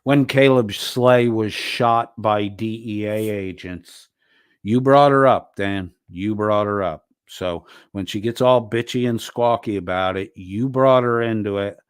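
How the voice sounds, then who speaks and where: A man's voice: lowish voice, measured pace, smooth, no room sound, studio quality. A man ranting angrily and profanely while arguing with someone on a livestream. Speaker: streamer. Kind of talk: heated livestream argument.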